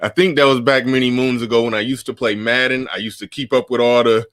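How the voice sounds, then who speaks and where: A man hosting a casual chat show, relaxed and reading out viewer comments. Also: mid-range voice, fast talker, no room sound, studio quality. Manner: laid-back, reads viewer comments aloud. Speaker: podcast host.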